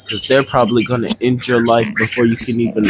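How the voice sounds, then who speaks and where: A man's voice: medium pitch, level tone, fast, close to an everyday voice. A man voicing a male demon villain who talks in a sneering way, in a noisy recording.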